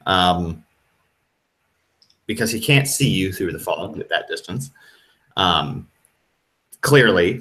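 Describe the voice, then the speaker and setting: A man's voice: fairly low pitch, fairly bright tone. A man narrating as game master of a tabletop horror game, hesitant, with many ums and restarts.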